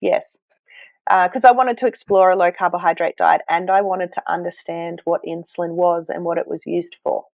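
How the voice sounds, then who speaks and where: A woman, a health coach, telling her story to a podcast host in an earnest, animated way, with self-deprecating asides. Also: on the low side, normal speed, gravelly, no echo. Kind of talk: conversational storytelling. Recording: dull, dry sound.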